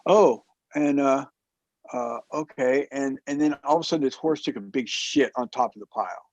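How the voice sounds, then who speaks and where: A man telling a long anecdote in casual talk, animated and acting out the quoted people as he goes. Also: medium pitch, brisk, no room sound. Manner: animated storyteller who acts out quotes. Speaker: roundtable guest. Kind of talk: casual storytelling. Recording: dull muffled dry sound.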